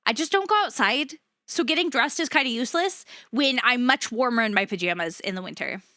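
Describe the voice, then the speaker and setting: A woman's voice: on the high side, expressive, fairly quick, pushed and bright, no echo, studio quality. A woman streaming live, chatting casually with her viewers, laughing often and swearing freely.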